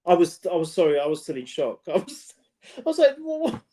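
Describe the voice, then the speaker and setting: A man co-hosting a casual football podcast, talking in an excitable, emphatic way. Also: on the high side, fast. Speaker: podcast co-host.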